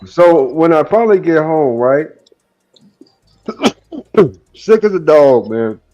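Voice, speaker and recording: A man's voice: a little high, lively intonation, takes it slowly, mellow, highs cut off, soft background music. A man in a casual chat, telling a rambling story full of fillers and swearing.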